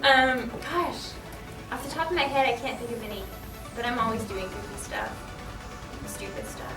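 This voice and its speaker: A young voice actress answering convention panel questions in a giggly, chatty, self-deprecating way. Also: female voice, fairly high pitch, expressive, moderate pace, over music. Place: large convention hall. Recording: echoey hall from far off.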